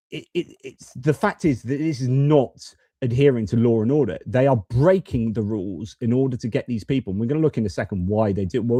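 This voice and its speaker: A man's voice: mid-range voice, dark tone, dry recording. A man commenting on news clips in a casual, hesitant way, with many fillers and restarts. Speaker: political commentator.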